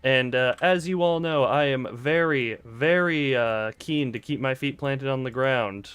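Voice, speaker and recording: A man's voice: medium pitch, a little slow, fairly bright tone, clear, resonant tone, no room sound. A man streaming a card game, chatting casually with his viewers in a playful, rambling, self-mocking way. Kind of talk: casual livestream chat while gaming. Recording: dry close mic with faint game music.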